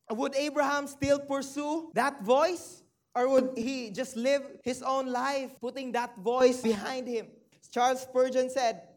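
A preacher giving a sermon that mixes scripture reading with direct questions to the congregation, slowing down to stretch key phrases, dropping low and quiet on sad points and lifting on excited ones.

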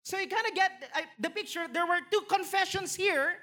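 A woman with a Filipino accent preaching a sermon in church, building to emphatic, excited peaks. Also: a little fast. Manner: animated, rising to emphatic highs, mixing in Tagalog phrases.

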